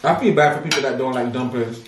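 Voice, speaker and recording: A man's voice: mid-range voice, quick pace. A man co-hosting a casual chat over a meal, playful and teasing, humming between lines. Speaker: co-host. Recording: echoey room, distant mic, faint noise.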